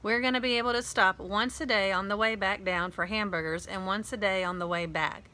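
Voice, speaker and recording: A woman's voice: mid-range voice, fairly even intonation, fairly quick, sharp tone, natural voice. A woman reading a storybook aloud, voicing a practical mother of three who lays out a trip plan in an orderly way. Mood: matter-of-fact.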